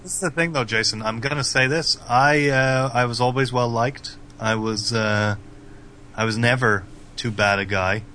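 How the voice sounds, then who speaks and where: Bright, deadpan monotone man. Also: medium pitch, moderate pace, slight background noise. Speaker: podcast guest. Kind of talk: casual podcast chat.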